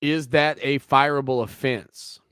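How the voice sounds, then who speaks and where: Male sports talk host, mid pitch, dry close studio sound, chatty and opinionated. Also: steady tone, measured pace, a bit bright, clean tone, no echo. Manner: conversational, opinionated, teasing asides. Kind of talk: sports talk radio monologue.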